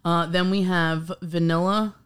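Chatty woman podcast host, slightly low voice. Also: measured pace, smooth. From Florida. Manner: sing-song scripted intro, then relaxed chatty banter. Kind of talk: casual chat.

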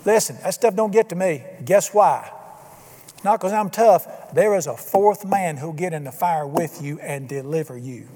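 A man's voice: on the high side, animated, moderate pace, mellow, in a large hall. An older man preaching a sermon with emphatic, folksy delivery and bits of humor.

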